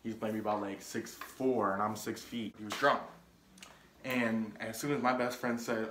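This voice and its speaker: A man's voice: medium pitch, fairly even intonation, normal speed, fairly bright tone, echoey room, slight background noise. Rambling young man telling a story. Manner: rambling, heavy on filler words and restarts. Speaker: vlogger. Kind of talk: casual storytelling.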